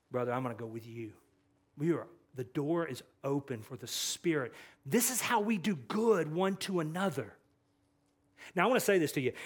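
A pastor delivering a passionate sermon. His voice sits a little high for a man, and he swings from loud, emphatic repeated phrases down to near-hushed asides, now and then rushing ahead in quick bursts.

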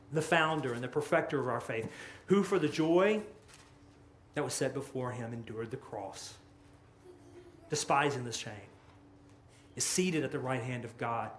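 Male pastor, mid-pitched, delivering a sermon; impassioned, loud-to-hushed swings, echoey room tone. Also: slight background noise. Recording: echoey room with faint ambience.

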